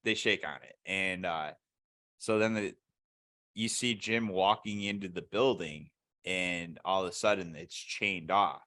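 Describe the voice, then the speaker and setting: Bright-voiced man retelling scenes, swearing. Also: deep voice, a little slow. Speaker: podcast co-host. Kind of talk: casual chat.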